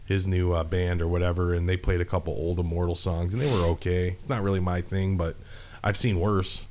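A man's voice: low-pitched, fairly even intonation, fairly quick, a little mellow, a little hiss or hum. A man in a casual, profane, rambling chat, talking about metal shows as a podcast co-host. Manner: laid-back, profane, rambling.

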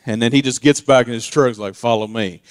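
A man preaching a casual sermon. He drifts into quiet, chatty asides and then builds to loud, emphatic peaks. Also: mid-range voice, fairly even intonation, fast talker, no echo. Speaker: pastor.

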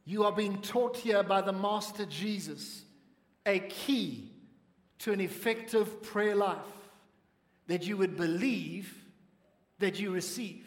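Male pastor, high voice, slow deliberate delivery, emphatic, echoing church hall with long reverb. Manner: emphatic, has the congregation repeat phrases. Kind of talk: sermon.

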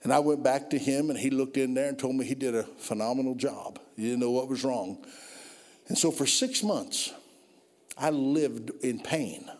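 A man preaching a sermon, telling stories and building from low, quiet passages to loud, drawn-out climaxes. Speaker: pastor. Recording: long reverb of a hall.

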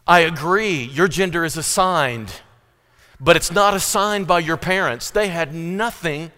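High-voiced preacher in a reverberant hall. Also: male voice, a little slow, bright, forceful tone. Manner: emphatic preaching with rising and falling intensity. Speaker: pastor. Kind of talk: sermon.

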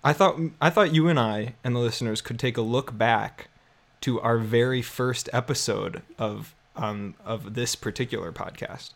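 A man's voice: mid-range voice, normal speed, vocal fry. A man co-hosting a comedy podcast, chatting in a loose, rambling way. He restarts his sentences often and keeps a playful, joking tone with his co-host. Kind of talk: casual comedic chat.

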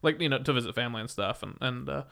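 A man's voice: mid-range voice, rapid-fire, creaky, sharp tone. A man hosting a podcast in a casual, easygoing chat. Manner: easygoing, laid-back, chuckles often. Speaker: podcast host.

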